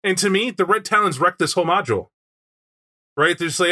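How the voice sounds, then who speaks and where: A man chatting casually about a tabletop game, animated and acting out scenes with sound effects. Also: sits high, quick pace.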